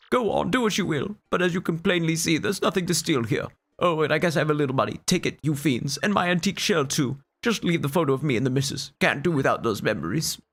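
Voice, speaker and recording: A man voicing a grumpy, frightened old turtle man with a cranky, excitable delivery. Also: a little high, breathy edge, voice pushed up, exaggerated voice.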